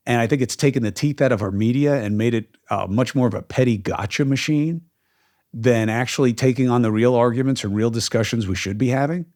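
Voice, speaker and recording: This podcast host has a mid-range, slightly mellow voice and talks a little fast. He lays out his opinions emphatically in casual talk, peppering it with frequent ums and uhs.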